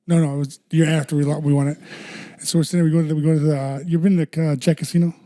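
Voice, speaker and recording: A man's voice: on the high side, very fast. A man co-hosting a podcast, telling stories in casual chat, swearing freely and acting out what others said. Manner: animated, swears a lot, acts out quotes. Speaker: podcast co-host.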